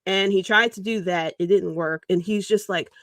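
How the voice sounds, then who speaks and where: A woman hosts a casual livestream, rambling in an animated way and breaking into little chuckles as she goes. Her voice sits at a middle pitch. The sound is dry and close, with no room echo. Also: moderate pace. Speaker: podcast host.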